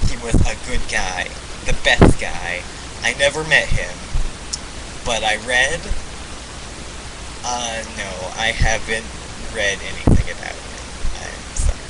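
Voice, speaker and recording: Deadpan young guy rambling earnestly, heavy background noise. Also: lowish voice, slow pace. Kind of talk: deadpan comedy bit.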